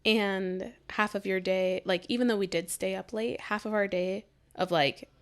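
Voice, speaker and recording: Woman, casual podcast chat, creaky voice, laughs often. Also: mid-range voice, steady tone, normal speed. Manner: chatty, laughs often, drawls when thinking. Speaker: podcast co-host.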